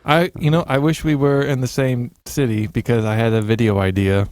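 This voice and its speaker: Brief: male co-host, mid pitch, playful joking storyteller, dry close sound. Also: level tone, a little fast, darkish tone, dry recording. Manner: jokey storyteller, playful with bits. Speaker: podcast co-host. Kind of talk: casual comedic chat.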